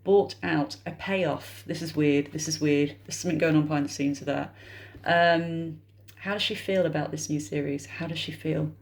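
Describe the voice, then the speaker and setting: A woman's voice: deep voice, fairly even intonation, normal speed. Chatty British woman reading tarot. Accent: British English. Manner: chatty, thinks aloud, addresses viewers as guys. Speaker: tarot reader. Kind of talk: casual psychic tarot reading to camera.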